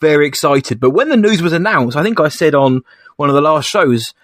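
A young man co-hosting a casual podcast chat, excitable and chatty, calling his friend "mate". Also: a little high, fairly quick, dry recording, studio quality. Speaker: podcast co-host.

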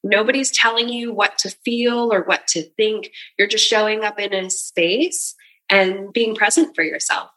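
Woman sound bath teacher, earnest flowing chat, bright tone. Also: mid-range voice, fairly even intonation, unhurried, rough recording. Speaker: sound bath and Pilates practitioner. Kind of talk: casual conversation.

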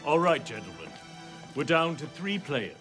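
A man's voice: on the high side, sing-song, moderate pace, over music, voice pushed down. A man voicing a formal male card dealer in a comedy sketch.

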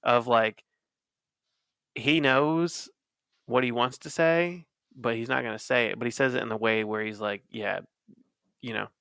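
A man on a casual podcast, rambling and laughing easily. His voice has a gravelly fry with a bright, forward edge. The sound is dry and close. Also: medium pitch, unhurried, pauses often, no room sound. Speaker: podcast co-host. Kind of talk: casual chat.

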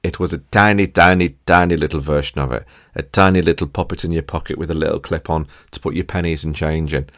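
A man's voice: rumbling low, fairly even intonation, fast, few pauses, fairly bright tone. A man hosting a podcast, talking in a chatty, jokey way and often checking in with listeners. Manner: chatty, jokey, addresses listeners directly with tag questions. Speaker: podcast host. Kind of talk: casual podcast monologue.

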